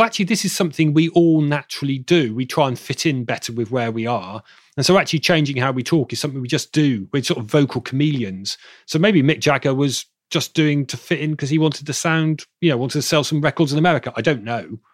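A man's voice: medium pitch, quick pace, no room sound. English guy w/ a southern accent rambling thru an explanation, restarts a lot, dry close sound. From Bristol, England. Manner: rambling, self-correcting explainer. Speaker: expert guest. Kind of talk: explanatory interview answers.

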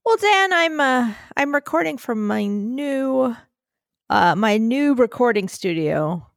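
A woman co-hosting a podcast in casual chat, animated and slightly breathy, recording from a makeshift spot in a puppy pen. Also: fairly high pitch, slow pace, no room sound, studio quality. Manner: animated, keeps addressing her co-host by name, acts out quotes. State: a little breathy. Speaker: podcast co-host.

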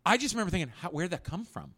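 Lively man chiming in on a podcast. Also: high-pitched, no room sound, clean studio sound. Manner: reactive, chimes in with quick interjections and mock voices. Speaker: podcast co-host. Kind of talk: casual chat.

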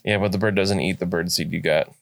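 A man's voice: low voice, fast, vocal fry, no echo. A man hosting a podcast and running a tabletop game as game master, chatting casually and telling stories with a lot of laughter. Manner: animated, laughing storyteller.

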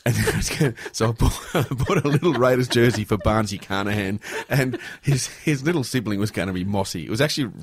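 An Australian man co-hosting a casual radio chat, telling animated stories with lots of laughter. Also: medium pitch, quick pace, hardly any pauses. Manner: acts out voices and shouts inside anecdotes. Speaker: radio co-host.

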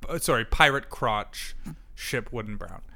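A man co-hosting a casual podcast who teases his partner and laughs easily. His voice has a bright, forceful edge, and his banter is loose and profane. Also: medium pitch, lively intonation, gravelly. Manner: teasing, quick to laugh, profane. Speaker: podcast co-host. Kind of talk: casual comedic podcast chat.

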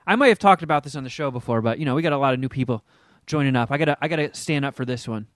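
A man in his forties who hosts a podcast, telling stories in a casual, animated and profane way. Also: medium pitch, very fast, no room sound, studio quality. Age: 40s. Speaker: podcast host. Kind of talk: casual chat.

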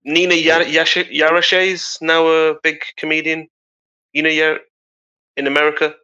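Joking man, bright voice. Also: fairly high pitch, level tone, clear, resonant tone, lo-fi sound. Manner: joking, quick interjections. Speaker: podcast co-host. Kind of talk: casual wrestling podcast chat.

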